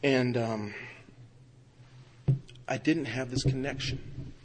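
A man telling his own recovery story at a meeting, with emphatic storytelling that swings from loud outbursts to quiet, low passages. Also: steady tone, slow, background noise. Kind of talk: personal recovery talk.

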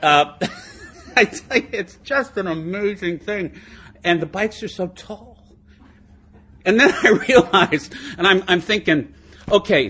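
A middle-aged man giving an animated, self-mocking, humorous talk as speaker at a recovery meeting, laughing often. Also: high voice. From United States.

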